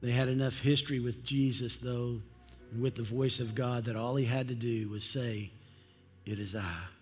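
A man preaching an evening sermon in a church sanctuary, his voice at an ordinary middle pitch. He is emphatic and slows right down when he quotes a line for effect. His voice rings through a hall with a long reverb, and faint music sits underneath. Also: flat delivery, a little mellow. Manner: emphatic, with dramatic pauses and slowed quotes.

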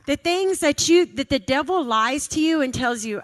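A woman's voice: high voice, lively intonation, normal speed. Woman giving a casual sermon. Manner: conversational, repeats phrases for emphasis, laughs often. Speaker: church speaker. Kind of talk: informal sermon.

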